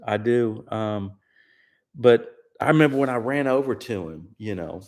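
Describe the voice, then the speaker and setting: Slow-talking man telling stories. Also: mid-range voice, darkish tone. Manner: rambling, laid-back, says "man" a lot, does voices. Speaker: singer-songwriter host. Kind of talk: casual storytelling chat. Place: living room, indoors.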